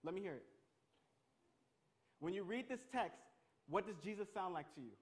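A man leading an interactive Bible lesson, energetic and calling on his listeners. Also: high-pitched. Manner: energetic, calls on the crowd, quick restarts. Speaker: youth pastor.

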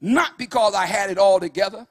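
Man, pastor, fervent sermon, husky, high voice, church. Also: fairly quick. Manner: fervent, swings from shouting to hushed storytelling.

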